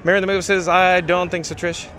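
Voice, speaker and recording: A man's voice: high-pitched, level tone, fairly quick, fairly bright tone, slight background noise. A man hosting a live-streamed walking tour outdoors in a theme park, chatting and reading viewer comments aloud, recorded on a handheld mic while walking.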